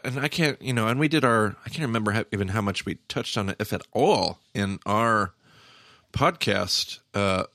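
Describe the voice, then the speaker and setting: A man's voice: lowish voice, normal speed, bright, forceful tone, no echo, studio quality. A middle-aged man hosting a podcast, talking in a rambling casual way with many restarts and quoted asides. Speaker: podcast host. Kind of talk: casual podcast review chat. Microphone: remote call microphone.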